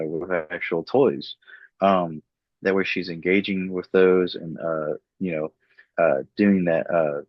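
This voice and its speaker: A young man giving a class presentation as a student, hesitant with many filler pauses. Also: low voice, no room sound. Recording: dull lo-fi dry recording.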